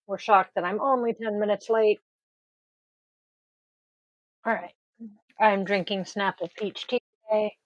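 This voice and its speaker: A woman's voice: medium pitch, steady tone, unhurried, pauses often, dry recording, lo-fi sound. A woman talks to her viewers in an easygoing, self-deprecating way as she gets a tarot reading ready. She sounds sleepy and groggy, and she takes her time with her words. The recording is dry, with no room sound. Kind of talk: casual chat to viewers.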